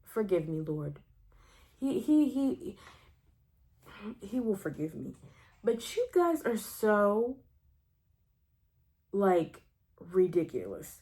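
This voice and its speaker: A woman's voice: medium pitch, slow, pauses often. A young adult woman ranting casually to camera in a vlog, rambling with many fillers and restarts, laughing between phrases. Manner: animated, rambling, many "like" fillers and self-interruptions. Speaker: vlogger.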